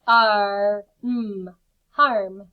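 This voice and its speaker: A woman teacher giving a phonics lesson to young children from home, sounding out each word slowly and clearly. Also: mid-range voice, steady tone, highs cut off.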